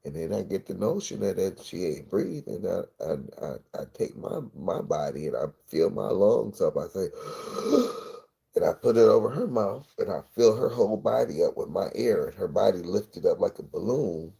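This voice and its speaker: A man livestreaming, telling a personal story in a rambling, profane, intense way with a gravelly voice. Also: deep voice, expressive, moderate pace, hardly any pauses, mellow. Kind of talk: emotional storytelling monologue.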